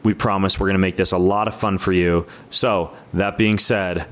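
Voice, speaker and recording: A man's voice: sits low, fairly even intonation, moderate pace, a bit bright. Upbeat joking male podcast host. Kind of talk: casual podcast intro chat.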